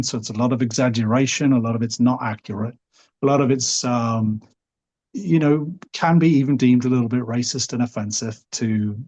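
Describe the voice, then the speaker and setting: A husky-voiced man with a Liverpool accent tells a story at an easy pace. He rambles and hedges, slipping in "sort of" and "you know" as he goes. He sounds middle-aged and relaxed. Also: medium pitch. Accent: Liverpool English. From Liverpool, England. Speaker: podcast guest.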